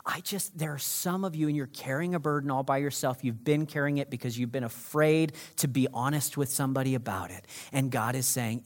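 A man preaching a sermon as pastor, swinging between loud emphasis and hushed, intimate delivery. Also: mid-range voice, fairly quick, few pauses.

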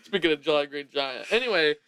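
A man's voice: a little high, animated, fast talker, a bit bright, smooth, dry recording. A man hosting a casual comedy podcast, rambling and laughing often as he jokes. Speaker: podcast host.

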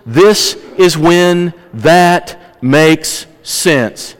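A man preaching a sermon as a pastor, telling a story earnestly and dropping his voice low on key points. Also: expressive, drawn-out words, smooth, big-room sound, poor audio. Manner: earnest storytelling preacher, varies pace, drops low for emphasis.

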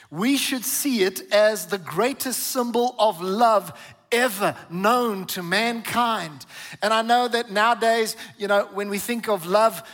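A man preaching a sermon as pastor, emphatic and building to forceful peaks, calling on the congregation to repeat after him. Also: high voice. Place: church hall. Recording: reverberant church hall.

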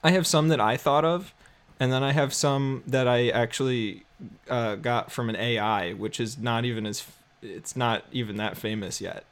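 A man's voice: mid-range voice, steady tone, normal speed. A man co-hosting a comedy podcast, rambling playfully in casual chat with many restarts. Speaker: podcast co-host.

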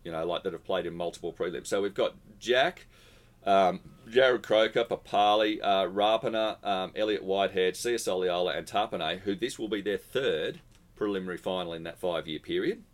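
A man's voice: low voice, normal speed. A man, co-hosting a casual sports chat and reeling off player lists. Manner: chatty, reels off player lists. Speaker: podcast co-host.

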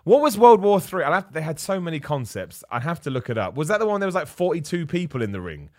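A young man talks straight into the mic in a dead, dry room, giving his opinions with a casual live-stream looseness. He gets animated and heated when something annoys him. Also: on the high side, fast, no room sound. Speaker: wrestling show host answering viewer questions.

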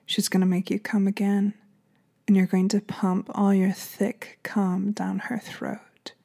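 A woman voicing a stern, commanding woman detective who gives orders in a hushed, breathy voice. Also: mid-range voice, flat delivery, very slow, full character voice. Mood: lustful whisper.

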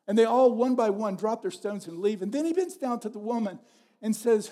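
High-voiced middle-aged pastor preaching. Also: male voice, fairly quick, mellow. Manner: conversational storytelling with repeated phrases. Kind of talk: sermon.

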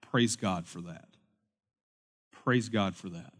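Man pastor, sermon, loud preaching eases into relaxed anecdotes; reverberant hall. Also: deep voice, slow pace. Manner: swings from loud preaching to quiet storytelling.

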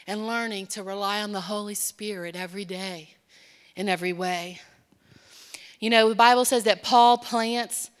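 A woman preaching a sermon in a church, impassioned, moving between hushed, quiet passages and emphatic, building lines. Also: mid-range voice, long reverb tail. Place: church sanctuary.

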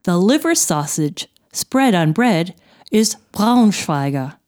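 A woman narrating a scripted language lesson, explaining sounds clearly and deliberately. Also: mid-range voice, animated, darkish tone. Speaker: language teacher.

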